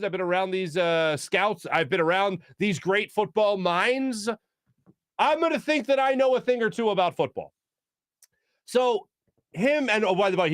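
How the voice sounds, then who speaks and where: A man's voice: high-pitched, fairly bright tone, dry recording. A man hosting a sports talk show, giving casual, sarcastic, opinionated commentary and laughing at his own jokes.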